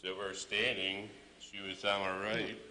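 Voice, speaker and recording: A middle-aged man shares a personal testimony before a congregation, halting and restarting as he goes. His voice is pitched slightly low but bright and forceful. A long reverb from the hall trails each phrase. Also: flat delivery, slight background noise. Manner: halting, repeats words while recounting. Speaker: church testimony speaker.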